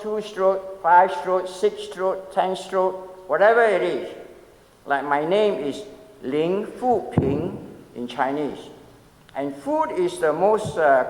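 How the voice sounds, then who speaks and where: An older man in his seventies preaches in a church, his slightly raised voice carrying a long, roomy reverb. He tells stories in a relaxed, conversational way, pausing to ask the congregation questions and adding gentle humor. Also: fairly high pitch. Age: 70s. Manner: storytelling, asks the audience questions, light humor. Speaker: pastor. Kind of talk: conversational sermon meditation. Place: church sanctuary.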